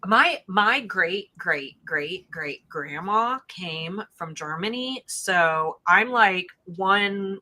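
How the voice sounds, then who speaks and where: A woman talks over a video call in a bright, forceful voice. She co-hosts a relaxed live chat and tells stories with lots of energy, often restarting her sentences. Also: medium pitch. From United States. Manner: animated storytelling, trips over words. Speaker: co-host of a live Q&A stream. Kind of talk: casual chat.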